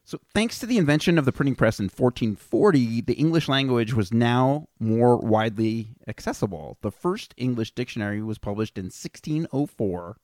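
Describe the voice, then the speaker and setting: A man reads out facts for a casual podcast, joking as he goes. His pitch moves around a lot. The room sound is dry and close. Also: expressive, moderate pace, hardly any pauses, darkish tone, no echo. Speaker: podcast co-host presenting facts.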